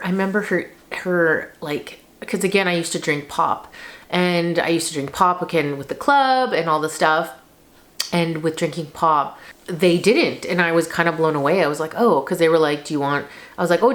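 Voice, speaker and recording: Woman vlogger in her 30s, lowish voice, rambling chatty storytelling, lots of likes and you knows. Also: normal speed. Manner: chatty, rambling with many fillers, tearful at moments. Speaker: lifestyle vlogger. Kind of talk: personal testimony, casual storytelling.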